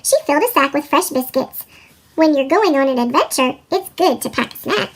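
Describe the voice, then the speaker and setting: A woman reading a children's picture book aloud in an animated storytelling manner, her voice sped up into a chipmunk pitch. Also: brisk. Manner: animated, sing-song storytelling. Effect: sped-up chipmunk pitch shift. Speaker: storybook reader.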